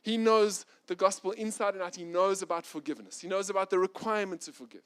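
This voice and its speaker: A middle-aged male pastor preaching a sermon, swinging from loud, urgent passages to soft, quiet ones. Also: clean tone. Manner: animated preacher, rising loud and fast when intense, dropping soft and low.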